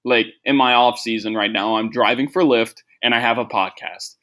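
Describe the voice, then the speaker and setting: A man's voice: medium pitch, steady tone, moderate pace, sharp tone. Rambling young man hosting a podcast. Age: young adult. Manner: rambling, self-deprecating, heavy use of "like". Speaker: podcast host. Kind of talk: casual comedy podcast monologue.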